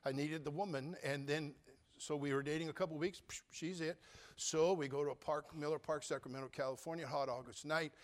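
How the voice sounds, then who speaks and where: A man preaching a sermon, telling his own story with humor and big swings between loud and quiet. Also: fairly high pitch, fairly even intonation, fairly quick. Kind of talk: sermon testimony.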